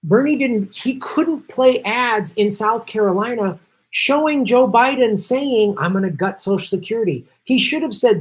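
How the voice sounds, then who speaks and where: A man's voice: very high voice, animated, moderate pace. Angry ranting male political host. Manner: angry, profane, emphatic and repetitive. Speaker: host of a political commentary show.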